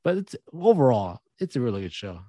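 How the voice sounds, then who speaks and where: A man's voice: mid-range voice, sing-song, a little fast, warm tone, no room sound, studio quality. A man co-hosting a podcast in casual chat, laid-back and often answering with short reactions. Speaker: podcast co-host.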